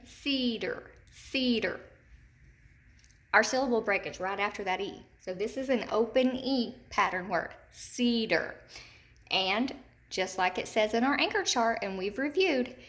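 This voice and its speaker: A woman teacher giving a slow, deliberate phonics lesson to young children, repeating each word and checking in with "okay?". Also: fairly high pitch, a bit bright. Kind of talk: recorded remote phonics lesson.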